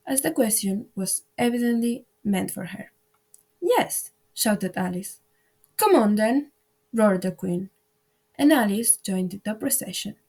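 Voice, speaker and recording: A woman reading a children's classic aloud as an audiobook narrator, in a measured storytelling manner. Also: mid-range voice, vocal fry, darkish tone, husky.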